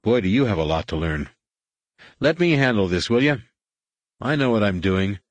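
A man's voice: on the low side, very animated, moderate pace, dry recording. A man reading an audiobook, voicing a cocky veteran starship captain with a dry, laconic, almost bored delivery. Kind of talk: audiobook character voice.

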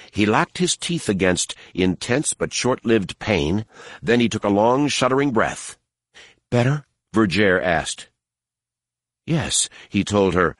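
A man narrating an audiobook in a steady, measured storytelling manner on a close mic. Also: on the low side, no echo. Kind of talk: scripted narration.

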